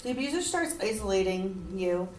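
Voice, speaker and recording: A woman's voice: medium pitch, very animated, moderate pace, darkish tone, slight background noise. A woman giving an earnest persuasive speech, at times emotional. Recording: echoey room, mic far off.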